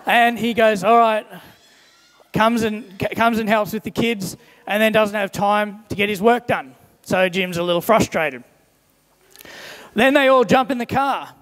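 A young man preaches a sermon, telling everyday stories and briefly putting on the voices of the people in them. His voice sits high for a man. He was recorded in a large church hall, and a long echo trails after his words. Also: unhurried, long pauses, a bit bright.

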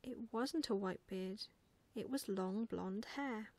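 A woman reading a bedtime story aloud in whispered role-play, soft and slow. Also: mid-range voice, no room sound.

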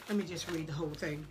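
A woman preaching a sermon, telling a halting, emotional testimony and building to shouted preaching. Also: low voice.

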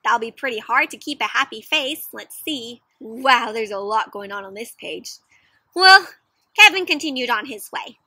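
High, bright-voiced storyteller woman. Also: normal speed, slightly rough, dry recording. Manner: animated, gasping, asks children questions. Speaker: children's storyteller. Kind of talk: interactive read-aloud for kids.

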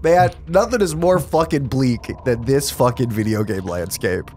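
A man hosting a casual let's-play, joking and swearing excitedly with his co-host. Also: mid-range voice, normal speed, slight background noise. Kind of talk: casual gaming chat.

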